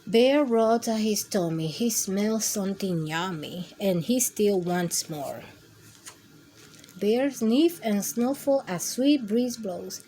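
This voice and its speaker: Woman reading kids' stories, slow pace, gentle expressive storytime voice, faint background noise. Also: mid-range voice. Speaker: children's story reader. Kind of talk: read-aloud storytime for kids.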